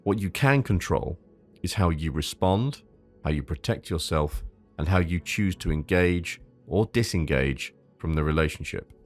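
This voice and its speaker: A man's voice: sits low, expressive, moderate pace, faint music behind. A man hosting a solo advice podcast. He reads from a script, stumbles over repeated words, and drops into casual asides, sometimes with a swear. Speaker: podcast host.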